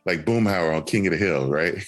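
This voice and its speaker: A man hosting a podcast, from Alabama, telling relaxed, reflective stories in casual chat. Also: sits low, normal speed, soft background music. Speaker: podcast host.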